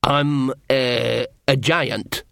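A man voicing a small male dwarf rogue in an audiobook, halting and hesitant. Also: mid-range voice, steady tone, vocal fry, a bit bright, dry recording, clean studio sound, exaggerated voice. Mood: wary.

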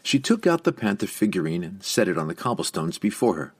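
A man with a low, slightly husky voice reads a fantasy novel aloud. His delivery is expressive, with a lively, rolling melody. It is a steady, scripted audiobook narration. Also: fairly quick. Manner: expressive storytelling with lively inflection.

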